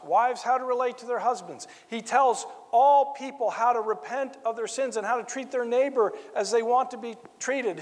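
A man preaching a sermon, earnest and emphatic, driving points home by repeating key phrases. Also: extremely high pitch. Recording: long reverb of a large hall.

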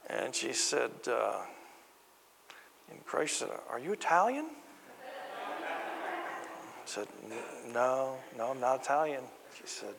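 A man's voice: mid-range voice, gravelly, big-room sound, slight background noise. An American man preaching a sermon, earnest and building emphasis on key phrases, mixing in light stories. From United States. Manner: storytelling asides with light humor.

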